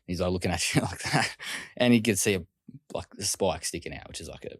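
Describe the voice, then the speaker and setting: An Australian man, a guest telling stories casually and acting out other people's lines in quick quoted voices. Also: deep voice, no room sound, clean studio sound. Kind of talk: casual storytelling.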